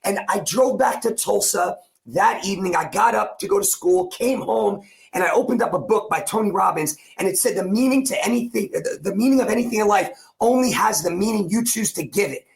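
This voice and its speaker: A fairly quick, gravelly, high-pitched man, a coach in his forties from New Jersey, tells a podcast an emotional story about himself. He goes over points again and again with intensity, acting out the things people said.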